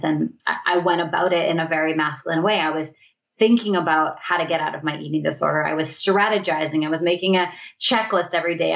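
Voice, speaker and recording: A woman's voice: deep voice, vocal fry, highs cut off. A woman guest telling a personal story in a candid, reflective way, often voicing her own past thoughts.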